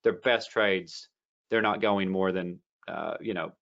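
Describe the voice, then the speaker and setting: Man, low voice, casual trading talk, rambling with fillers, dull lo-fi recording. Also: unhurried, vocal fry, fairly bright tone. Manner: rambling storyteller with many fillers and restarts. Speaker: trading educator.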